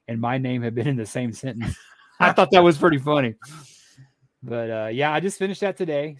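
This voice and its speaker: A man's voice: medium pitch, a bit bright, dry recording. A man co-hosting a podcast, chatting casually and rambling through stories with many fillers and restarts. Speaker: podcast co-host. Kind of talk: casual chat.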